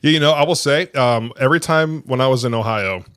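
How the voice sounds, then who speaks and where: A man's voice: medium pitch, a little fast, fairly bright tone, smooth, no echo, studio quality. Laid-back man co-hosting a podcast. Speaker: podcast co-host. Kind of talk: casual podcast chat.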